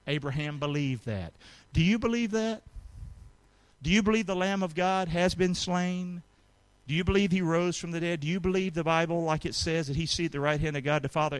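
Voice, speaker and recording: A man's voice: on the high side, no room sound. A man preaching a sermon in a folksy, colloquial way, calling on his congregation to answer back. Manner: animated, calls for congregation response. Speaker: pastor.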